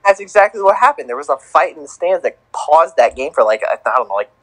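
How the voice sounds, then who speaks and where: A man's voice: fairly high pitch, very animated, fast, a bit bright, low-quality recording. A man co-hosting a casual sports podcast, announcing tournament teams in a playful, sing-song way. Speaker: podcast co-host.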